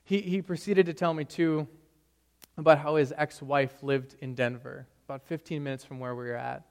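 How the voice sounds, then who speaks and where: A man's voice: fairly high pitch, steady tone, moderate pace, creaky, smooth, long reverb tail. A young man preaching a sermon in a conversational storytelling manner, often checking in with "right?". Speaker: pastor.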